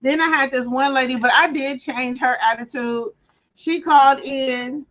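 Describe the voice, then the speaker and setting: A woman with a high-sitting, fairly bright voice speaks a little slowly, and the recording has its highs cut off. Hosting a casual craft livestream, she chats and tells stories, sometimes acting out callers' voices.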